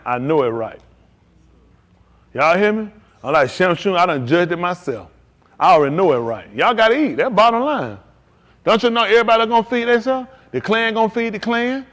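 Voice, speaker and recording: Emphatic preacher man, punchy repeated lines. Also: high voice. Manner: emphatic and repetitive, punchy short declarations. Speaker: pastor. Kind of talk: live-streamed sermon.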